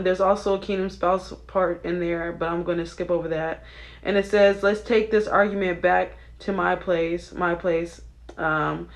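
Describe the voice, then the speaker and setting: Chatty young woman giving spiritual commentary. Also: fairly low pitch. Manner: chatty, excitable, often asks "okay?". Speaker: Christian video creator. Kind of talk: casual spiritual commentary on song lyrics.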